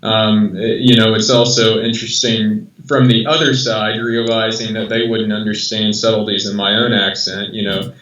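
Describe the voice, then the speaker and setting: American man, low voice, echoey distant audio. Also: little pitch movement, fairly bright tone, highs cut off. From rural southern United States. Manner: halting, many restarts and fillers. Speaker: guest. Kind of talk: casual interview chat.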